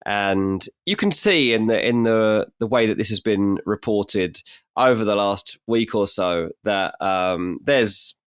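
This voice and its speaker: Male transfer pundit, lowish voice, teasing and rambling, dry close sound. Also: slow, clean tone, no room sound. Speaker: football transfer journalist. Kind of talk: casual football podcast chat.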